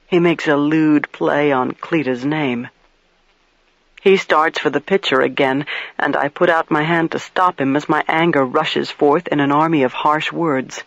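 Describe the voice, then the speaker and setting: A man reading a crime novel aloud in first-person narration, measured and steady. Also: on the high side, gravelly, no room sound, rough recording. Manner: measured, storytelling. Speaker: audiobook narrator.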